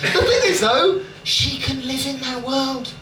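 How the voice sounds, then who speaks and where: Male comic from Dorset, chatty and sweary, high pitch, recorded from a distance. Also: lively intonation, unhurried. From Dorset, England. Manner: chatty, profane, frequent "right?" tags. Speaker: stand-up comedian. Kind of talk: live stand-up with crowd work. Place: comedy club in London. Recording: roomy live club, loud audience noise.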